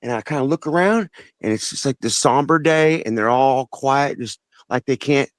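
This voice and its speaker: A man's voice: mid-range voice, dry recording. Earnest rambling male caller. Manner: earnest, rambling, halting with many restarts. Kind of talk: casual phone-in storytelling.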